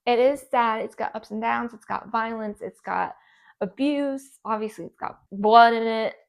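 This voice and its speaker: Higher-voiced enthusiastic book vlogger, woman, gravelly fry, gushes on and on. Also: moderate pace. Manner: gushing, enthusiastic, repeats herself. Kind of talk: casual book recommendations.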